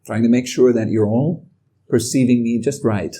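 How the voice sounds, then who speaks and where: A man giving a calm, reflective talk as a meditation teacher. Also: medium pitch, normal speed, husky. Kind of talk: dharma talk.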